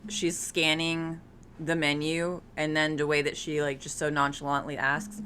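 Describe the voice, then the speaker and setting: A woman's voice: deep voice, level tone, unhurried, fairly bright tone, slight background noise. A young woman co-hosting a podcast, recapping a film in casual chat, laughing easily and jumping in with quoted lines. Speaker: podcast co-host.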